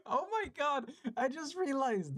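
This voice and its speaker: Animated, joking woman streamer. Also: high voice, takes it slowly. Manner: joking, swears, laughs often. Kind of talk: casual game commentary.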